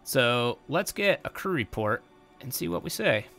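A young man giving casual let's-play commentary, excitable and bursting into loud exclamations. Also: mid-range voice, unhurried, vocal fry, soft background music. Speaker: gameplay commentator.

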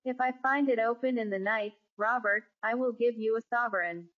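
A woman voicing an indignant gentleman passenger who scolds sternly. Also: a little high, moderate pace, close to an everyday voice. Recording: dull lo-fi recording.

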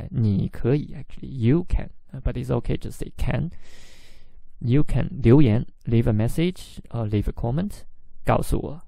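Male podcast teacher, unhurried, patient explainer, dark mellow tone. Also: mid-range voice, vocal fry, no room sound. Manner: explains words slowly, mixing in example phrases. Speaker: Chinese language teacher. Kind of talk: podcast language lesson; reading a diary aloud.

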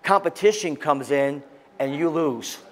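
A man, a pastor, preaching a sermon with impassioned, excitable delivery that swings between loud peaks and quiet scripture reading. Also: fairly high pitch, a little slow.

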